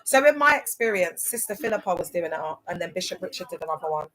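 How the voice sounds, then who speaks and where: A woman's voice: fairly low pitch, animated, fast, a bit bright, low-quality recording. A young woman hosting a casual livestream, telling her story in an emphatic, chatty way and often checking that listeners follow. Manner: chatty, emphatic, keeps asking "do you get it?". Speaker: livestream host.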